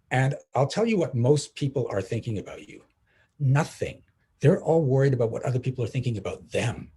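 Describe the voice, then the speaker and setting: A man with a very husky, breathy voice leads a motivational workshop in a casual, animated way. He acts out the people he quotes and laughs often as he speaks. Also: medium pitch. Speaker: coach.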